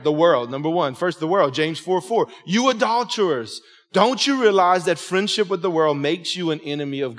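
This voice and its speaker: A man in his forties preaching a sermon with a slightly raised pitch, his words landing with conversational emphasis. He keeps checking in with the congregation. A long church reverb trails after each phrase. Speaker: pastor.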